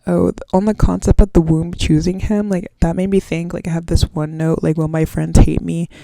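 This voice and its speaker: A woman's voice: lowish voice, level tone, brisk, gravelly, warm tone, dry recording. A woman in her twenties hosting a podcast solo, rambling in casual slang and swearing freely. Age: 20s. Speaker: podcast host.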